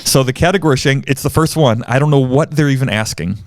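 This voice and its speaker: A man's voice: medium pitch, fast talker, no room sound. Playful man hosting a dry-sounding podcast. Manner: playful, rambling, explains rules at length. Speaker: podcast co-host. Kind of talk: casual chat, game round.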